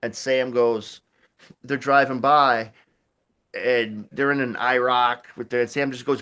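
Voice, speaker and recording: A man's voice: medium pitch, a little slow, crowd noise. A man, telling a rambling, profane story in casual chat, laughing often. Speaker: podcast host.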